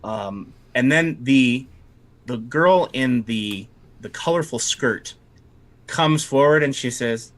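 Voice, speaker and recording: A man's voice: medium pitch, slow, fairly bright tone. A man running a tabletop game as game master, narrating casually with lots of fillers and restarts. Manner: casual, rambling, many fillers.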